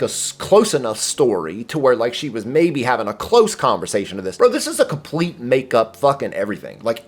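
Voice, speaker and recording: A man hosting a reaction commentary, ranting in a profane, exasperated way. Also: fairly high pitch. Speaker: commentary host. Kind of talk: heated reaction rant.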